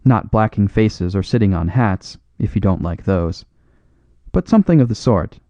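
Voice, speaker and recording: A man's voice: lowish voice, animated, normal speed, dark tone, no echo, highs cut off, natural voice. A man voicing a boisterous, big-hearted Canadian farmer in an exuberant, hearty way for a storybook reading. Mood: enthusiastic.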